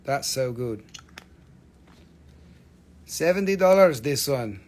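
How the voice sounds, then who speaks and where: A man's voice: medium pitch, expressive, slow pace, a little mellow, a little hiss or hum. A man hosting a live stream that sells minerals, talking casually with lots of swearing, ranting and then joking.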